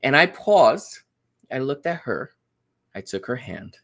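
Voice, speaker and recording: A man's voice: mid-range voice, measured pace, creaky. A man telling a family story in casual podcast chat, acting out the quotes. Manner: animated storyteller, acts out quotes. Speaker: guest.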